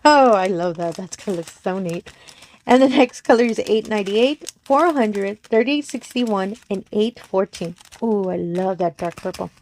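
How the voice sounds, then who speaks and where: A woman's voice: mid-range voice, animated, normal speed, darkish tone, slight background noise. A woman, casually narrating a crafting unboxing, gushing, giggling and often apologizing. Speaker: crafting channel host. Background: crinkling plastic packaging.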